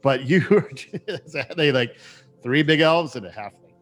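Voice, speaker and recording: A man running a tabletop game as game master, narrating with hesitant pauses and many fillers. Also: fairly high pitch, animated.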